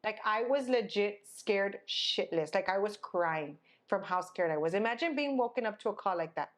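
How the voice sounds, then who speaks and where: A woman's voice: mid-range voice, lively intonation, normal speed. A young woman co-hosting a podcast, telling a story in casual chat. She tells it dramatically and acts out the people she quotes. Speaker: podcast co-host.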